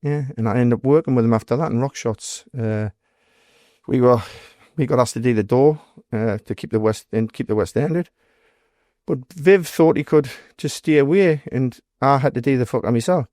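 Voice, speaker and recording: A blunt-talking man with a thick Geordie accent tells his stories plainly, swearing freely and voicing the people he quotes. His voice sits at a middling pitch, and the recording is dry and close. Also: moderate pace, dark tone, no room sound. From North East England. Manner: blunt storytelling, heavy swearing, acts out quoted dialogue. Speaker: guest, former doorman. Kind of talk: casual interview storytelling.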